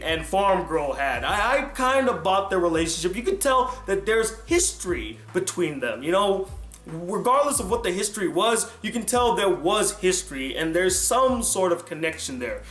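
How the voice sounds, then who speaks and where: A man giving an animated, exasperated film review rant, swearing often. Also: high voice, roomy sound. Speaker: film critic.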